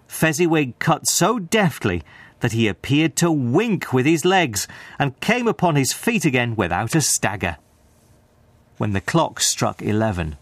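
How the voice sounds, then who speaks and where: A man giving an expressive, scripted narration of a classic story. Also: mid-range voice, no room sound.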